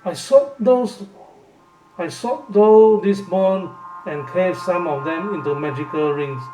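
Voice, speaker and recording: A man's voice: high voice, takes it slowly, warm tone. A man voicing a small, frightened, hooded man who collects bones, speaking fearfully and sadly in a gamebook reading. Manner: fearful, then sad and meek. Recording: roomy, distant mic with music behind.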